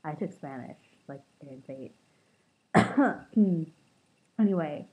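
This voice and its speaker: A wry, chatty young woman, talking to her webcam at home. Her voice sits fairly low for a woman. The sound is thin and tinny, like a phone line, with self-mocking asides and the odd swear. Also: expressive, slow pace. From Los Angeles, California. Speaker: vlogger. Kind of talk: casual accent-tag vlog, reading prompts aloud.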